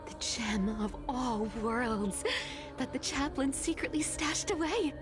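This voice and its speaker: A woman's voice: sits high, lively intonation, slow. Giggly sly thief girl. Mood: gleeful. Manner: giggly, mischievous, talks to herself. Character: sly young female thief, playful and scheming. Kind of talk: video game voice acting. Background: game music.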